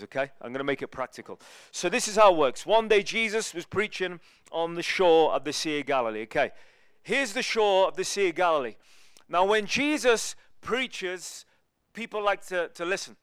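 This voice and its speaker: A man giving a guest sermon in a chatty storytelling way, moving between loud emphatic lines and quieter asides. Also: a little high, clean tone, no echo, studio quality. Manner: conversational, storytelling, swings between loud and hushed. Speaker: guest preacher.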